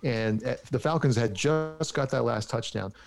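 Male podcast guest with a gravelly edge, animated and chatty. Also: mid-range voice, normal speed. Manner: animated storyteller, stumbling restarts. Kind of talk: casual chat.

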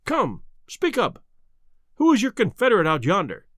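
A man's voice: sits high, huge pitch swings, moderate pace, a bit bright, dry recording, studio quality, heavily acted. A man doing a stern commanding baronet. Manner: stern, demanding.

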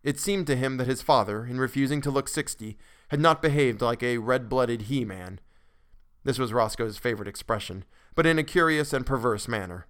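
A man narrating a classic story for a podcast in a measured way, with occasional restarts. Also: mid-range voice, fairly bright tone, clean tone.

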